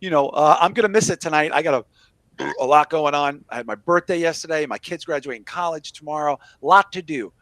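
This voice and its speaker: A middle-aged man with a Chicago accent hosting a podcast, talking movies in a jokey, animated, crude way. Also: a little high, brisk, no room sound. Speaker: podcast host. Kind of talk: casual movie chat.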